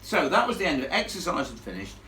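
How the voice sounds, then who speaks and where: A man's voice: fairly high pitch, quick pace. A man spins a true ghost yarn for a live audience, his voice swinging widely up and down as he piles on blunt, salty asides. He is caught from a distance in an echoey room, with a faint hum of ambience behind him. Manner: animated, blunt, salty storyteller. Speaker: ghost storyteller. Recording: echoey room filmed from far off.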